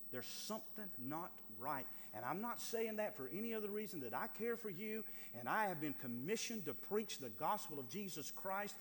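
A man preaching a sermon as pastor, calling out to the church and building to loud, rising appeals. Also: fairly high pitch, long reverb tail, a little hiss or hum.

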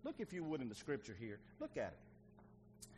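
A middle-aged male pastor preaching a sermon, swinging between loud and hushed delivery. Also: mid-range voice, huge pitch swings, moderate pace, slight background noise. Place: church sanctuary.

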